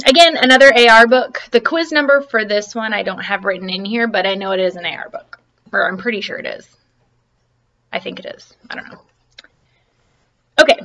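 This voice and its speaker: A woman teaching a reading lesson online from her laptop, talking in a chatty and encouraging way. Her voice is bright and crisp, at a middle pitch. She often pauses to check in with her students. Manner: chatty and encouraging, full of fillers and questions.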